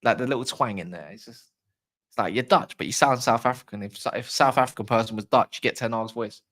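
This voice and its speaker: A fan channel host runs a casual football livestream, talking quickly in a mid-range voice. He rants with strong opinions and slangy asides as he answers chat comments, staying animated throughout.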